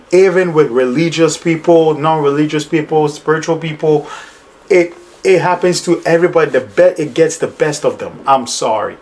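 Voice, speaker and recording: Emphatic man scolding in reaction commentary. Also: a little high. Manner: emphatic, repeats himself, scolding. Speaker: reaction video host.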